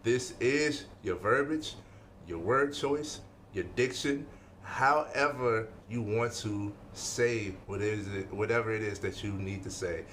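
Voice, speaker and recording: A man with a fairly low voice delivers a casual motivational lesson. He is emphatic, repeats key lines and keeps checking in with the listener. A faint background noise sits under the recording. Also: slow, a bit bright. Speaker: life-skills speaker.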